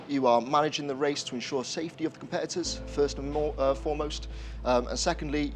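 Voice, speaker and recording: A man, a deputy clerk of the course, explaining his volunteer role in a measured, halting way full of fillers and restarts. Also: mid-range voice, slight background noise. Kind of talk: casual explanatory talk to camera.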